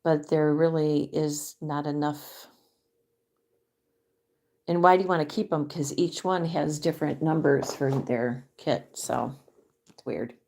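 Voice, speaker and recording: Slow, soft-spoken woman. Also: sits low, steady tone, creaky. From Michigan. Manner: soft-spoken, drifting into near-whispers. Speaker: vlogger. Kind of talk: casual crafting chat.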